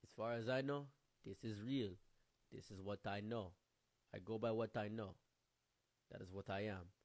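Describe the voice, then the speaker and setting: A man putting on a calm, formal African man. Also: mid-range voice, vocal fry, lightly acted. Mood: measured. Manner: slow, measured and formal. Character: calm, proud adult African man, matter-of-fact and dismissive.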